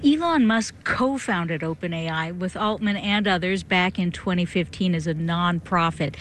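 A woman reporting for radio news from a courthouse, explaining the case in a crisp, measured way. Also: fairly high pitch, fairly bright tone.

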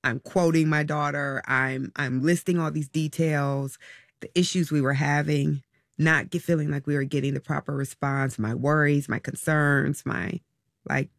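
A woman being interviewed as a parent, talking in a halting, reflective and soft-spoken way about personal choices. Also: sits low, fairly even intonation, vocal fry, no echo, clean studio sound. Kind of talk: emotional personal recollection.

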